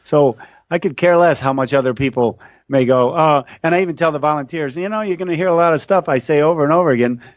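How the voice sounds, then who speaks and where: A man's voice: on the high side, fast talker, dry recording, dull audio. A man, a guest announcer, telling stories in a casual interview and acting out the people he quotes. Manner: animated storyteller, acts out quoted voices. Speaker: podcast guest, race announcer.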